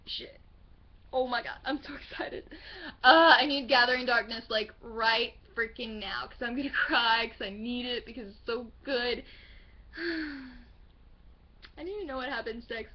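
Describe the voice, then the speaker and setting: A young woman vlogger chatting about her book haul, gushing and excitable, swearing now and then. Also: high voice, normal speed, highs cut off. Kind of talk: casual book haul chat.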